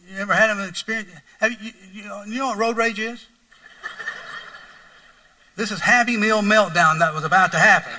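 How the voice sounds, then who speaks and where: High, bright-voiced pastor, preaching. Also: male voice, normal speed, far from the mic, rough recording. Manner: folksy, repetitive, rising to mock outrage. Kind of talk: sermon storytelling.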